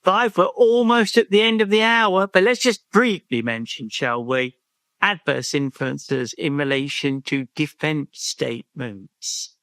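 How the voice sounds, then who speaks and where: A man co-hosting a legal training session, briskly steering the discussion. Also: fairly high pitch, lively intonation, fairly bright tone, dry recording. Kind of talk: conversational legal training talk.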